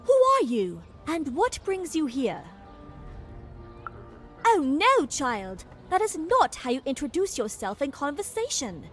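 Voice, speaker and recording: A woman's voice: sits high, wildly swooping pitch, moderate pace, few pauses. A woman playing a prim, fussy court lady in a video game who corrects manners. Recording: game audio with music behind.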